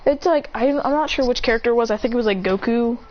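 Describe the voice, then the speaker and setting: A woman's voice: fairly high pitch, fast, slight background noise. A woman improvising a fan-fiction action story, rambling and correcting herself as she goes. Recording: dull lo-fi recording.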